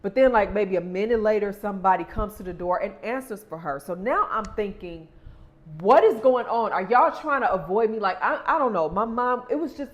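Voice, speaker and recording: A young adult woman vlogging, casually retelling a stressful moving story and acting out the quoted exchanges. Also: medium pitch.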